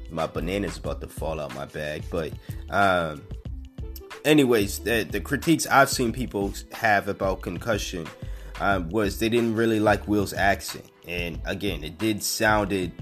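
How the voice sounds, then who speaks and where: A man's voice: lowish voice, fairly bright tone. A young man hosting a podcast alone, giving casual, opinionated commentary that rambles with fillers and restarts. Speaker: podcast host.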